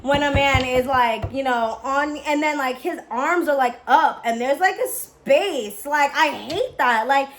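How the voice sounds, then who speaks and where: A young woman vlogging in a casual, candid way, swearing freely, full of "like" fillers and excitable chatter. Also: high-pitched, measured pace, few pauses. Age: young adult. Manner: candid, profane, lots of "like" fillers. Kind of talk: casual vlog chat.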